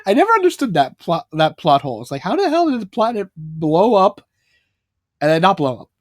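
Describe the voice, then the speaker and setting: A man's voice: sits high, sing-song, fairly quick, no echo, studio quality. A man giving a rambling, casual spoken review, full of fillers and swearing. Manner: rambling, filler-heavy, swearing, laughs a lot. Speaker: fanfiction reviewer.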